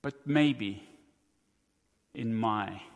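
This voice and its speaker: Speaking in a lowish voice with a South African accent, this pastor delivers an earnest, deliberate sermon sprinkled with wry remarks to the congregation. The audio has a big-room sound.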